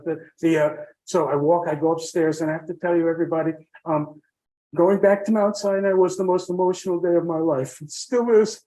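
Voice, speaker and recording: Halting, heartfelt man telling his story. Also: a little high, dark tone, poor audio. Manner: halting, many fillers and restarts, heartfelt. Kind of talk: rambling personal storytelling.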